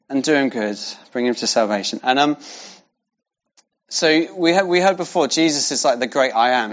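A man's voice: mid-range voice, moderate pace. A man preaching a sermon in a conversational way, repeating key phrases for emphasis. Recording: dull lo-fi sound.

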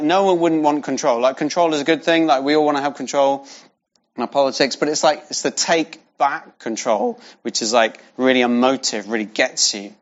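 A man preaching a sermon in a conversational way, repeating key phrases for emphasis. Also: medium pitch. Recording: dull lo-fi sound.

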